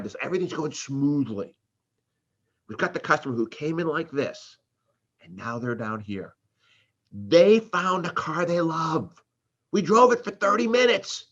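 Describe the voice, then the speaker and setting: A male sales trainer with a bright, slightly husky voice that swings widely up and down as he talks. He teaches live and keeps acting out little exchanges between customer and salesperson. The recording sounds dull and lo-fi. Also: mid-range voice.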